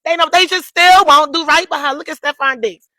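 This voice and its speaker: A woman's voice: sits high, brisk, bright, forceful tone, no echo. A woman giving a blunt, slangy opinion rant to camera.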